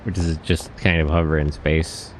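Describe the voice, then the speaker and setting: A man's voice: extremely low pitch, little pitch movement, moderate pace, a little hiss or hum. A man streaming a video game, rambling to himself in a casual, playful way about what he sees. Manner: rambling, self-talking, playful. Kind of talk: casual gameplay commentary.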